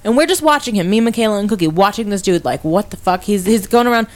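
A young woman chatting casually with friends, animated as she acts out people she met. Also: mid-range voice, fast. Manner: animated storytelling, acts out quoted voices. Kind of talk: casual group chat.

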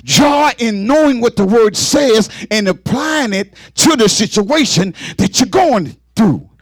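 Casting: gravelly-voiced male preacher, high and lively pitch, fervent call-and-response sermon. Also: measured pace, dry recording.

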